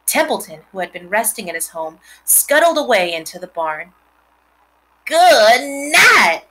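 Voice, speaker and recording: A woman reading a children's novel aloud, expressive, with chatty asides to her listeners. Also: on the low side, fairly quick, poor audio. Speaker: reader.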